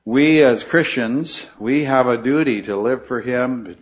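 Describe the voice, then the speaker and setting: A man's voice: medium pitch, a little slow. Earnest man teaching a Bible class. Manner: earnest, questioning the class, frequent restarts. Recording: muffled lo-fi recording.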